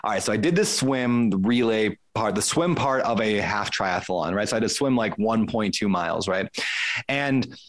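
Man telling an animated story. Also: fairly low pitch, moderate pace. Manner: animated, acts out his own thoughts mid-story; frequent restarts and fillers. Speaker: podcast guest. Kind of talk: casual conversational storytelling.

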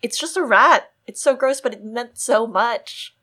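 A woman's voice: on the high side, unhurried, sharp tone. A woman co-hosting a casual book discussion, earnest and reflective, with many fillers. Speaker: podcast co-host.

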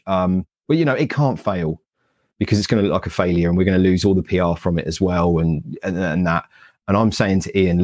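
A man's voice: deep voice, darkish tone. A man with a British accent telling his story animatedly in an interview, acting out past conversations in a self-deprecating way. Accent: British English. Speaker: guest speaker, Paralympian.

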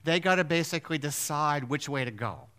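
Male preacher, fairly high, bright tense tone, animated delivery with rhetorical questions. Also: a little fast, smooth. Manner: animated, asks the audience questions. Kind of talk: sermon.

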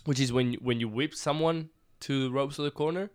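A man's voice: mid-range voice, a little fast. A man from Spain whose first language is Spanish, a wrestler chatting casually in English with an accent that blends Spanish, British and American sounds, rambling and laughing. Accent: Spanish mixed with British and American. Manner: rambling, animated, laughs often. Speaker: professional wrestler. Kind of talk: casual chat.

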